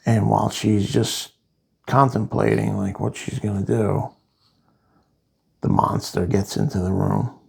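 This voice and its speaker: A man casually reviewing a comic book, rambling through the plot with asides, in a gravelly voice. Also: lowish voice, animated, unhurried, long pauses.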